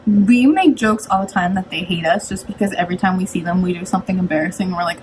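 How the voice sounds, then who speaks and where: A young woman tells a fan story in animated, self-mocking bursts. Clear background noise runs under her voice. She speaks in a loose, casual way. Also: fairly low pitch, fast talker. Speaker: fan recounting a concert day.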